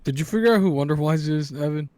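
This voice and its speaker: A man with a slightly high voice, cracking jokes and teasing the others. He talks in loose, playful bursts. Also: fast talker, darkish tone. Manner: joking, teasing. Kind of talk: casual group chat.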